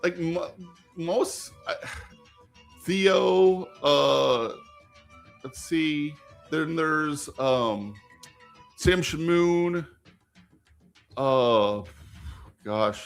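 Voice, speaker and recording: A man's voice: fairly high pitch, very slow, creaky, long pauses, faint music behind. A man hosting a casual live stream while gaming, rambling with many fillers and turning emphatic when he argues.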